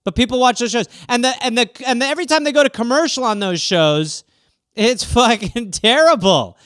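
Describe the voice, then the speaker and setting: A man hosting a comedy podcast, riffing casually in an animated way, swearing and slipping into quick voices. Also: extremely high pitch, clean tone, dry recording, studio quality.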